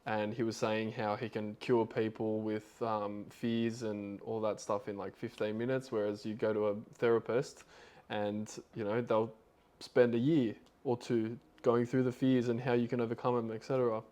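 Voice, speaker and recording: A man's voice: lowish voice, flat delivery, moderate pace, a little mellow. A man hosting a podcast, retelling a story in a loose, rambling way with lots of fillers. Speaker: podcast host.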